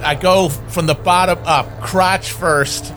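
A man's voice: sits high, fairly even intonation, takes it slowly, fairly bright tone, soft background music. A man playing in a tabletop game, describing gory moves crudely and laughing. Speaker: player. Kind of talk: casual tabletop play.

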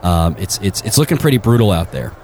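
A man's voice: fairly low pitch, animated, fast, music in the background. Man narrating a crude tabletop game. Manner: rambling with many fillers, crude and laughing. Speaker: game master.

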